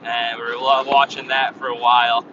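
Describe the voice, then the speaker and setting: Male van-life vlogger, rambling and monotone, distant dull audio under heavy road noise. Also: medium pitch, normal speed. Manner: rambling, filler-heavy, flat tone. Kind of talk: casual chat while driving. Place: inside a moving vehicle on a highway.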